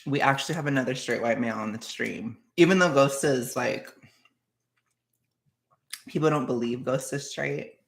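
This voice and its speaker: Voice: medium pitch, normal speed, vocal fry, long pauses. Rambling, jittery streamer chatting with chat, laughs a lot. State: anxious, jittery. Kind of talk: casual livestream chat with viewers.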